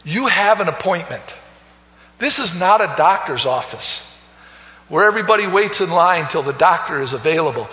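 High-voiced male preacher in an echoey hall. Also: expressive, moderate pace. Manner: swings between soaring loud calls and hushed low phrases, repeats words. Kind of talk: sermon. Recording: echoey hall, dull lo-fi sound.

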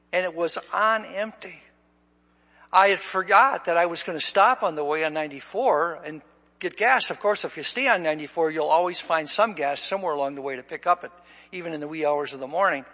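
A pastor preaches a storytelling sermon to his church, sharing a personal story in a folksy way and often repeating words at the start of a line. His voice is high-pitched with a sharp tone, in a dull lo-fi recording from a reverberant hall.

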